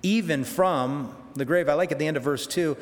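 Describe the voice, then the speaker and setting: A man's voice: a little high, normal speed. Man preaching a sermon in a reverberant hall. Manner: conversational and emphatic, with rhetorical questions.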